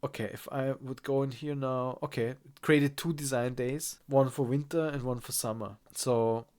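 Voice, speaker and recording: A man with a nasal voice from a cold, teaching a software tutorial and thinking aloud with halting restarts. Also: mid-range voice, steady tone. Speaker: course instructor. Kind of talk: screen-recorded software tutorial.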